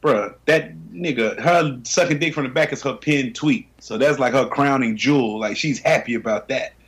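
A man's voice: moderate pace, fairly bright tone, breathy edge. A man co-hosting a casual, crude podcast chat, loose and slangy, often laughing. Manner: loose, slangy, laughing, drops low then jumps high. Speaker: podcast co-host.

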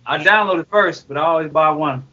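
A man's voice: a little high, a little fast, bright, forceful tone, lo-fi sound. A man co-hosting a podcast, making crude, laid-back jokes in casual banter.

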